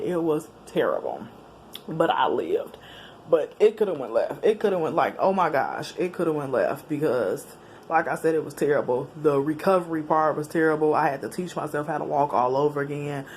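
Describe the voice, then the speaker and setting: Animated woman telling a story, casual slang. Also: low voice, normal speed, a little hiss or hum. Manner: animated, chatty, with slang and laughs. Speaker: vlogger telling a personal story.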